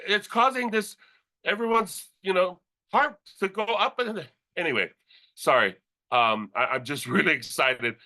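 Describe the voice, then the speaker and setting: A man speaking as a company leader in an energetic motivational stage speech, animated and playful. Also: sits high, measured pace. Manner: animated, playful, breaks into sound effects and laughter. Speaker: company leader presenting new executives.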